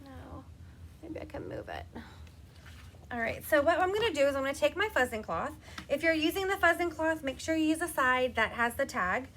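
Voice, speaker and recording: A woman's voice: sits high, expressive, fairly quick, a bit bright, slight background noise. A woman in her thirties giving a chatty live craft demonstration, talking to her viewers as she works. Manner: chatty, laughs often, talks to viewers by name.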